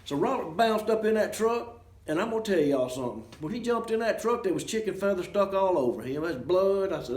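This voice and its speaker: A middle-aged man telling a personal story in a folksy, drawling way, talking straight to his listeners and getting loud when he acts out shouts. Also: animated, a little fast, roomy sound. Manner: gets loud and high when acting out shouting.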